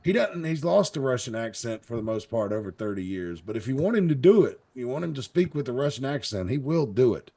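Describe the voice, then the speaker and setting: A man's voice: mid-range voice, sing-song, brisk, gravelly, few pauses, mellow. A man hosting a wrestling talk show, chatting in a folksy, rambling, jokey way. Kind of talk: casual live-stream chat.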